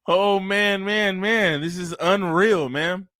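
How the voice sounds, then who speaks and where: A man hosting a casual live-stream reaction, his slightly high voice recorded dry and close with no room sound. He talks loosely and profanely and keeps breaking into bursts of laughter. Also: slow pace, bright, forceful tone, no echo.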